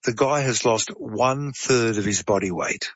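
A man's voice: fairly low pitch, a little slow, husky, no echo. Male guest, conversational explainer, dry, dull lo-fi sound. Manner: chatty, digressive, uses fillers and asides. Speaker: guest explaining medical science. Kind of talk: casual explanatory storytelling.

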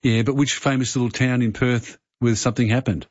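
An Australian man hosts a casual radio chat with a husky, slightly breathy voice. The sound is dry and close, with a dull, muffled tone. He talks in a chatty way and often repeats himself. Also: medium pitch, steady tone, brisk, dry recording. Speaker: radio host.

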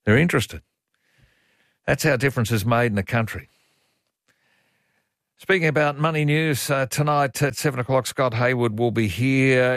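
A man's voice: medium pitch, a bit bright, no room sound, clean studio sound. A man with an Australian accent hosting talk radio, emphatic and blunt, often repeating himself as he airs his opinions. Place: radio studio. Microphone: studio microphone.

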